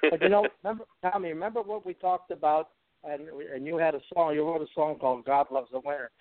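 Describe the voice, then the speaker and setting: A man's voice: a little high, fairly even intonation, quick pace, dry recording. A man in his seventies from Canada, a guest musician on a radio interview, chatty and teasing as he tells old road stories. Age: 70s. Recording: tinny phone line.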